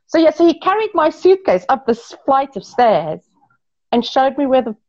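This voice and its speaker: A woman from Portugal telling her life story in a casual, animated way, often correcting herself mid-sentence and throwing asides to the listeners. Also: high-pitched, moderate pace, lo-fi sound.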